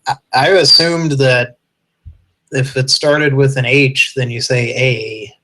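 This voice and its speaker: A man co-hosting a casual internet talk show, trading dry deadpan jokes. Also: mid-range voice, slow. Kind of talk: casual chat.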